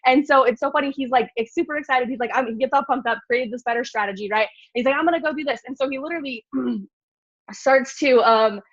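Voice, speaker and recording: A fast-talking woman with a high voice tells a story to a group in a loose, animated way, packed with fillers. The sound is dry and a bit dull and lo-fi. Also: no room sound. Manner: animated, filler-heavy, lots of "like". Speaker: speaker at a mindset meeting.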